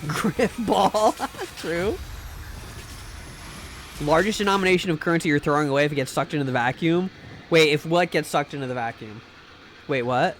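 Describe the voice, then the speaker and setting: A man's voice: on the high side, slight background noise. A man streaming a game live, joking around as he plays and reads chat, often repeating words while he talks. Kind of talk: live gameplay commentary and chat reading.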